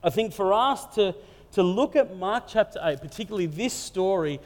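A man with a fairly high voice gives a humorous sermon, chatty and full of jokes as he tells the story. His voice rings with long reverb, as if it were picked up in a large hall. The delivery sounds casual rather than formal. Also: lively intonation, moderate pace. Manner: conversational, jokey and storytelling. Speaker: preacher.

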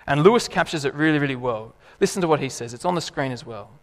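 Animated preacher in a reverberant hall. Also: male voice, on the high side, fast talker. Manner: animated, emphatic, laughs and acts out voices. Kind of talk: sermon.

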